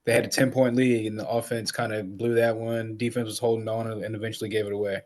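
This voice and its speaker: A laid-back man co-hosts a sports podcast, his voice staying level with little rise and fall. He talks things through at an easy, unhurried pace. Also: on the low side, level tone, a little mellow. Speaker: podcast co-host. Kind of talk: casual sports podcast talk.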